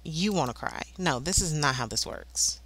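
Chatty woman with a lively voice. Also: low voice. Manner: chatty, voices the characters in quick asides. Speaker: let's play host. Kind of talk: casual gameplay commentary.

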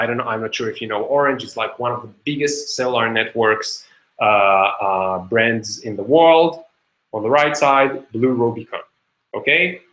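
A man leading an online webinar, who chats freely and keeps checking in with "okay?". His voice is bright and sharp, with a medium pitch. The room around him echoes. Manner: chatty, many fillers and "okay?" checks. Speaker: webinar teacher, company co-founder.

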